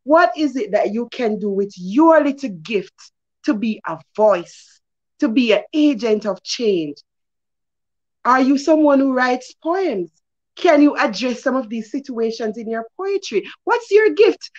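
A higher-pitched woman hosting a children's news segment on a morning show. She talks to the kids in an earnest, emphatic way, with her pitch leaping up on the words she stresses. The audio is muffled and lo-fi. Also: animated, measured pace, darkish tone.

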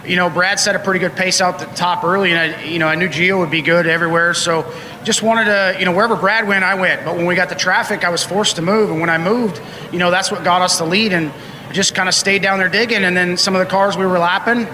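A man's voice: sits high, fairly even intonation, fast, sharp tone, big-room sound, poor audio. A man interviewed at the track after winning a race, talking in a rambling way full of fillers. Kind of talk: post-race victory interview. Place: outdoor racetrack.

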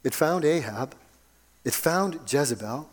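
Male preacher, slightly high pitch; theatrical sermon delivery with big swings in volume. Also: animated, a little slow, breathy edge. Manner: dramatic, swings from ringing emphasis to hushed near-whisper; rhetorical, addresses listeners as loved ones.

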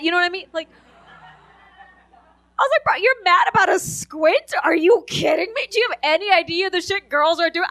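A woman's voice: high-pitched, pushed and bright. A young woman doing a stand-up set on a club stage, brash and profane, laughing at her own jokes. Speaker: stand-up comedian.

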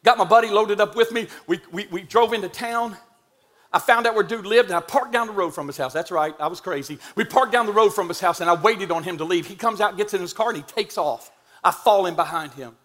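Middle-aged male preacher, high forceful voice, lively funny storyteller, faint music behind. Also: brisk. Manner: animated, humorous, emphatic retelling. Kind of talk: storytelling sermon.

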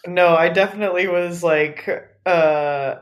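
A woman's voice: on the low side, fairly even intonation, a little slow. A woman guest enthusing about favorite scenes in a casual podcast. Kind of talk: casual chat.

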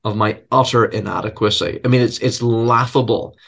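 A man's voice: fairly low pitch, steady tone, moderate pace, vocal fry, fairly bright tone, husky. A man who is a seminary professor and preacher, answering interview questions in an earnest, reflective way with self-deprecating humor, often repeating words as he searches for phrasing.

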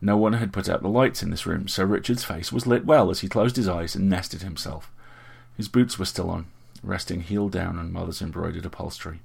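Male audiobook narrator, measured storytelling, very low voice, gravelly texture. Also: steady tone, darkish tone.

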